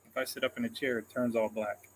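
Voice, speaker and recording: A man's voice: medium pitch, little pitch movement, fast talker, a little hiss or hum, rough recording. A man hosting a casual live stream, reading out comments in a rambling, self-deprecating way and chuckling often, into a phone camera. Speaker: livestream host.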